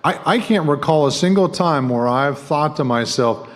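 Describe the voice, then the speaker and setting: A middle-aged man serving as guest speaker preaches in a church sanctuary, his voice expressive and on the high side at a normal pace. He keeps things conversational, joking with the congregation, while the hall's long reverb rings through the recording.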